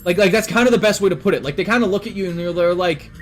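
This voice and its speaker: Rambling young Canadian man, slightly high. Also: fast, few pauses, soft background music. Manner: rambling, filler-heavy and profane. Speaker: streamer. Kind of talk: casual chat.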